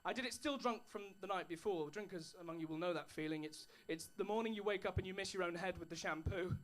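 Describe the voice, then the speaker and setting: A man's voice: sits high, fast talker, a bit bright, slight background noise. A man doing stand-up comedy, dry storytelling with put-on posh voices. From England. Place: comedy club stage with an audience.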